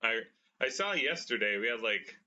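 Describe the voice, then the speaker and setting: An American man co-hosts a podcast in a medium-pitched, animated voice that's bright and forceful, at normal speed on a lo-fi recording. It's casual chat, and he jokes about himself and laughs often.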